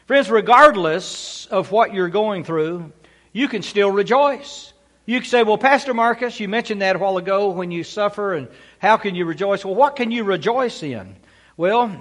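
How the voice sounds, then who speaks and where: A man's voice: high voice, a bit bright. A man preaching a sermon as pastor, emphatic and repeating key phrases.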